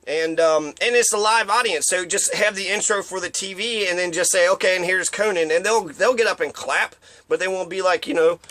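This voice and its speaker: Casting: a man with a high, bright voice, rambling and profane in a casual rant, recorded dry and close. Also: a little fast, no echo. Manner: profane, rambling, mocks others with put-on voices. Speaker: commentator.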